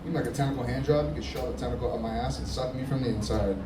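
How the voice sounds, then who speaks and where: Laughing stand-up comic in an echoey club. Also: male voice, mid-range voice, racing. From Middle Eastern heritage, Persian father. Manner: loose, laughing, teasing the crowd. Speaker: stand-up comedian. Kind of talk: stand-up crowd work. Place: comedy club stage. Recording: echoey room, distant, noisy crowd.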